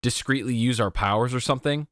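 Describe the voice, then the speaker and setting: A man's voice: medium pitch, quick pace, a bit bright, no echo, studio quality, pitched above the performer's own voice, natural voice. A man voicing a blunt, pushy teenage boy in an audiobook, talking in a teasing way.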